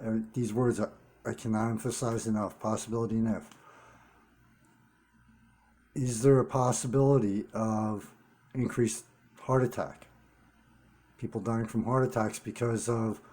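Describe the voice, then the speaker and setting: Earnest low-voiced man, mellow tone. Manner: earnest, repeats key words for emphasis. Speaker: vlogger running a one-person channel. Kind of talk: unscripted commentary monologue.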